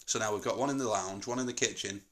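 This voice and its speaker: A man's voice: lowish voice, fast talker, slight background noise. A middle-aged man with a Northern English accent, hosting a casual family chat at home in a rambling, jokey, digressive way. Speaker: podcast host.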